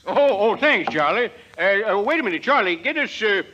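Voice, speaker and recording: A hearty laughing Western rancher. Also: male voice, sits high, sing-song, brisk, pushed and bright, lo-fi sound, slight background noise, exaggerated voice. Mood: jovial. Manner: folksy slang, frequent hearty laughter. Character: boisterous rough-edged middle-aged male Western rancher. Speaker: lead in a radio comedy. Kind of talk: 1940s radio acting.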